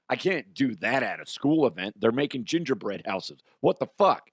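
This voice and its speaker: A man hosting a comedy news show, talking casually in a profane, self-mocking way. His voice is hoarse and strained, sitting in a middle pitch range. The sound is dry and close. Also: very animated, normal speed, hardly any pauses, no room sound.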